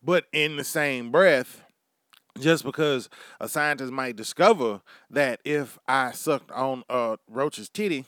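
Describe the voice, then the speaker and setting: A man's voice: mid-range voice, takes it slowly, fairly bright tone, dry recording, clean studio sound. Brash, crude male comedy host. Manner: brash, crude, riffing with mock crowd asides. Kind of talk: profane comedic monologue.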